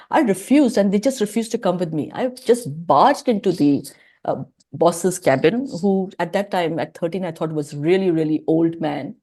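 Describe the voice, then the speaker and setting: A middle-aged woman with a low, mellow voice tells a story from her youth as a podcast guest. She slips into the voices of the people she quotes and keeps the telling vivid. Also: normal speed. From India. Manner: vivid storyteller acting out dialogue. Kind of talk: storytelling interview.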